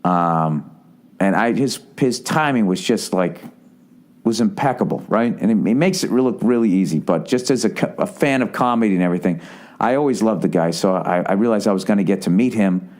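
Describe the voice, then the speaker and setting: A man in his forties hosts a podcast on his own, speaking briskly and expressively in a low, darkish voice. His long story is crude and self-deprecating, packed with restarts and tangents.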